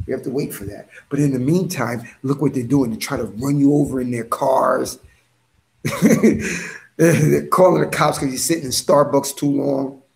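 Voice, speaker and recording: A man preaching an impassioned monologue, forceful and swinging between loud bursts and low mutters. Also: gravelly, roomy sound.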